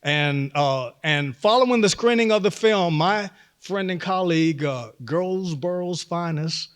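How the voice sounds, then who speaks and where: A man's voice: high-pitched, measured pace, fairly bright tone, clean tone. Folksy man giving opening remarks. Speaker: event host. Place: museum auditorium.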